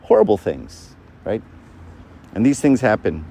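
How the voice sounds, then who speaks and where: A man's voice: fairly low pitch, wildly swooping pitch, measured pace, gravelly, warm tone, a little hiss or hum. Chatty man giving a faith talk. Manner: conversational, keeps asking "right?"; acts out quoted voices.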